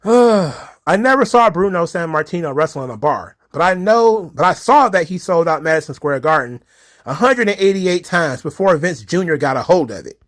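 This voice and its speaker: A man's voice: fairly high pitch, expressive, moderate pace. A young adult man hosting a wrestling commentary channel, casually reacting to viewer comments with sarcasm, frequent laughter and casual swearing.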